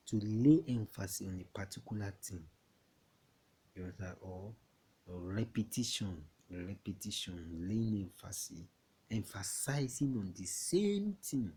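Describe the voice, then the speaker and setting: A man's voice: lowish voice, dark tone, breathy edge. A man with a Nigerian accent teaching an English lesson to young pupils, chatty and often asking if they understand. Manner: chatty, repeats questions to check understanding.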